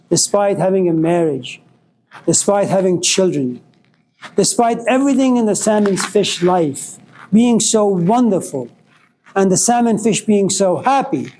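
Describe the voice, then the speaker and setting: A man's voice: sits high, a little mellow, a little hiss or hum, rough recording. A man giving a storytelling lecture in a wry, dramatic way.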